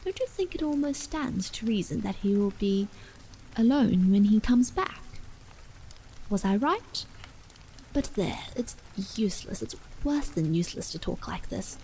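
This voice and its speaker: A woman voicing a grieving, anxious middle-aged mother in a hushed, strained whispered role-play. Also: mid-range voice, very animated, measured pace, slight background noise, poor audio.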